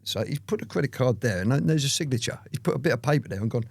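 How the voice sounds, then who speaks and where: Man, raspy storyteller, keeps saying "you know what I mean", dry recording. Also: medium pitch, animated, quick pace, no echo. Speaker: father telling his life story to his daughter. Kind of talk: casual storytelling interview.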